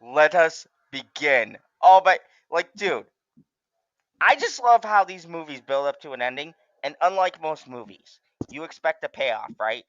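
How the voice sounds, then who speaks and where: A man hosting a movie watch-along in casual chat, gushing with excitement and swearing freely. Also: fairly high pitch, normal speed, no echo, highs cut off. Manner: excitable, gushing and heavily profane.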